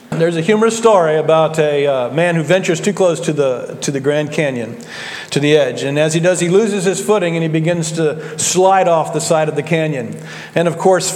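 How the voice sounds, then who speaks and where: Man, pastor, folksy sermon, slow deliberate emphasis, higher voice, long hall reverb.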